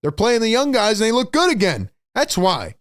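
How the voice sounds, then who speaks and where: A man hosting a live fan stream, calling the game play by play and reacting excitedly while talking to viewers in the chat. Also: high voice, moderate pace, no room sound, clean studio sound. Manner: excitable, shouts big plays, chats with viewers. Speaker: livestream host.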